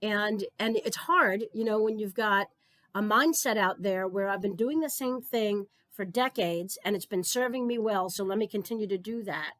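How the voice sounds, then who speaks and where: A woman's voice: mid-range voice, moderate pace, fairly bright tone, dry recording. A middle-aged woman giving an earnest conference keynote, telling stories and often repeating words as she starts a thought. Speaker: keynote speaker.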